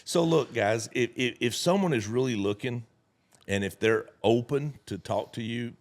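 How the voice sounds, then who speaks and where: A man's voice: mid-range voice, normal speed. A man telling folksy stories in a casual chat and acting out the dialogue. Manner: folksy storyteller, acts out dialogue. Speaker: network marketing leader.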